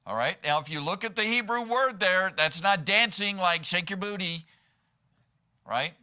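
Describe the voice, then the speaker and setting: A man's voice: high voice, animated, normal speed, sharp tone, clean tone. A man preaching a sermon as pastor in a church, conversational and often asking the congregation "right?". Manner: conversational, peppered with rhetorical "right?". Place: church sanctuary.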